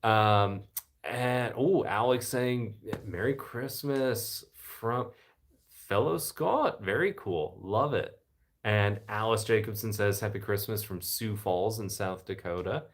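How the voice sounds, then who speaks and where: A middle-aged American man with a low baritone voice, chatting in an easygoing way from his living room. He reads viewer greetings aloud with enthusiastic little asides. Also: takes it slowly. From United States. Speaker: channel host reading live chat. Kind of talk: casual live-stream chat. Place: home living room by the fireside.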